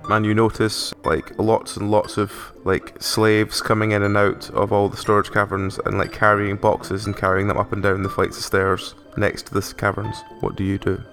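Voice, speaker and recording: A man's voice: on the low side, little pitch movement, normal speed, few pauses, a bit bright, soft background music. A man narrating a tabletop game as game master, loose and casual, dropping lots of "like" as he describes scenes.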